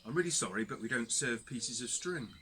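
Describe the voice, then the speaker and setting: A man's voice: medium pitch, lively intonation, fairly quick, bright, forceful tone, slight background noise. A man voicing a suspicious barman who questions and politely refuses a customer in a joke.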